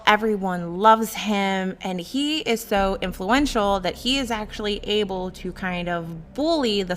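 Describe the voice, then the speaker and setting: A woman co-hosting a casual true crime podcast, chatty and quick to laugh, with jokey asides. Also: on the low side, fairly bright tone, a little hiss or hum. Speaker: podcast co-host.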